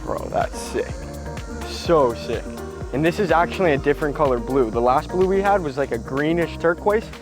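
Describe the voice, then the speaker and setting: An upbeat young man records a casual outdoor vlog, chatting to his viewers in slangy, excitable bursts. His voice sits a touch high for a man. Light background music plays beneath him. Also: a little fast. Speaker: vlogger. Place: backyard outdoors.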